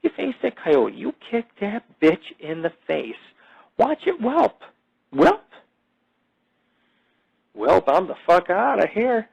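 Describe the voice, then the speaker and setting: A man's voice: high-pitched, sing-song, a little slow, creaky, few pauses, a little mellow, breathy edge. A man hosting a podcast, telling crude stories in a boastful, profane, rambling way full of fillers. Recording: dull lo-fi audio.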